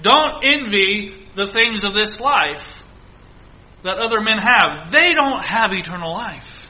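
A man's voice: high voice, lively intonation, takes it slowly, pushed and bright, dull audio. A male preacher giving an earnest sermon, exhorting his listeners and repeating key phrases.

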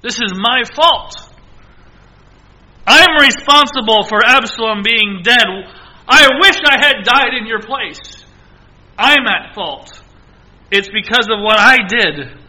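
A man's voice: high-pitched, slow pace, pushed and bright, voice pushed up, full character voice, rough recording. A man preaching who acts out an anguished old king crying out for his dead son and blaming himself. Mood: anguished lament.

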